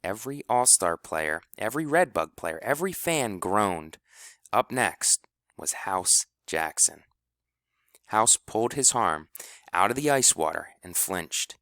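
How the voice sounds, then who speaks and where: Man reading a story, lively and expressive. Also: lowish voice, a little slow, no echo, clean studio sound. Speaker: audiobook narrator. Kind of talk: audiobook narration.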